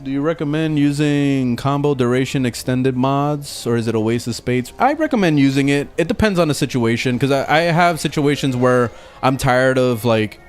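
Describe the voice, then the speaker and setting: Casual male streamer, mid-pitched, animated storyteller who swears freely, faint game music behind. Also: moderate pace, hardly any pauses. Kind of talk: casual gaming stream chat.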